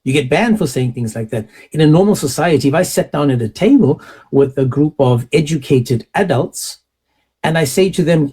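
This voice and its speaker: Male host, husky and mellow, rhetorical commentary with a mocking, emphatic edge. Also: on the high side, animated, normal speed. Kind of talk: opinionated commentary monologue.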